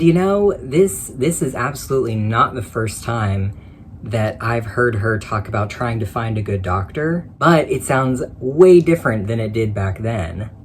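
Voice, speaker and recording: Wry stammering man, faint AC hum. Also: lowish voice. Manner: stammering restarts, wry asides. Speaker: commentary host. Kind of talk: reaction commentary. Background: air conditioner hum.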